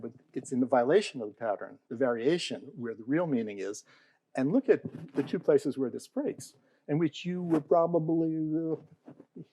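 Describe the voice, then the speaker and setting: On a panel about poetry, a man lectures in a warm, mellow voice whose pitch rises and falls with animation. The recording is close, dry, with no room sound, and low in quality. Throughout he asks the audience questions and checks in with "okay?" and "all right?"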